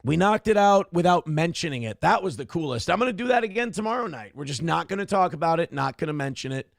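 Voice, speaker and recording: A man's voice: a little high, big pitch swings, fast talker, creaky, dry recording, studio quality. A man hosting a livestream who rambles, swears freely and reads viewer messages aloud. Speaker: livestream show host. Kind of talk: casual livestream chat.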